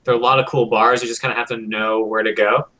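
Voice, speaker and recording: Michigan guy, fast talker, bright forceful tone, chatty guest. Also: mid-range voice, level tone, low-quality recording. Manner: rambling, lots of fillers, quick and bright. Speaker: guest commentator. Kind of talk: casual chat.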